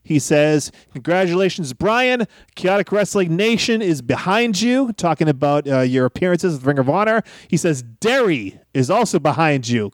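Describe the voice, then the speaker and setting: A man co-hosting a casual podcast, reading out listener messages and plugs at an unhurried pace. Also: sits high, dry recording, studio quality.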